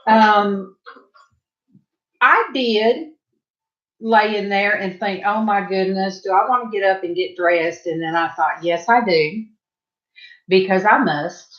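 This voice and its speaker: A woman's voice: mid-range voice, slow pace, long pauses, a bit bright, lo-fi sound. A middle-aged woman with a Southern US accent chatting casually to her viewers while she paints, rambling and chatty with asides. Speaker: painting livestream host.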